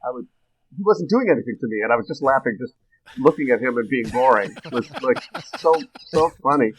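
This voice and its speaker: A man chatting as a podcast guest, a working actor trading stories from the set. He talks in a lively, animated way and often breaks into chuckles. His voice sits at an ordinary middle pitch. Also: a little fast, lo-fi sound. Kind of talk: casual podcast chat.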